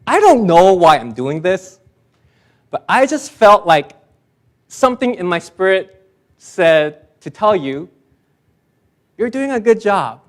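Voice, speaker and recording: Guy preaching an easter sermon in church, tells stories, fairly high voice, gets worked up. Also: slow pace, long pauses. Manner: storytelling, animated, self-deprecating, with restarts. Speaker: pastor. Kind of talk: conversational sermon.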